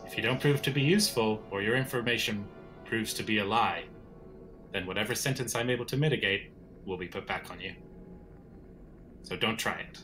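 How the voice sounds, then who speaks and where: A man's voice: on the low side, fairly quick, pauses often, fairly bright tone, soft background music, close to an everyday voice. A man voicing a stern male interrogator who presses a prisoner in a firm, threatening way.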